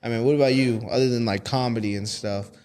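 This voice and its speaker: A man's voice: mid-range voice, fairly even intonation, fast, noisy background. A man co-hosting a comedy podcast, teasing and swearing a lot in loose casual chat. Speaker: podcast co-host.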